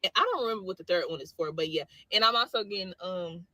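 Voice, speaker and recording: A woman soldier tells a story in a vlog clip, slangy and animated as she acts out both sides of a dialogue. Her voice is bright and forward. The sound is dry and close. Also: lowish voice, quick pace, no echo.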